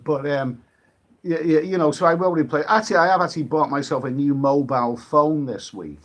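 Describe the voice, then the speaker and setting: A man from the UK, hosting a casual live stream, rambling and halting with many restarts while reading out viewer comments and drinking. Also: fairly high pitch. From United Kingdom.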